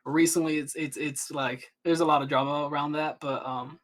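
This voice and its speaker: A man's voice: on the high side, steady tone, normal speed, a bit bright. A young man chatting as a podcast guest, rambling with many restarts and fillers. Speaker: guest streamer. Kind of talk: casual podcast chat.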